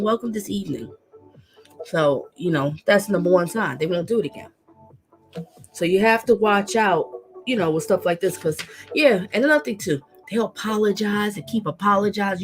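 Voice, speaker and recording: A woman hosting a casual livestream, talking emphatically, repeating herself and reading out viewer comments. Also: mid-range voice. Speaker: livestream host and coach.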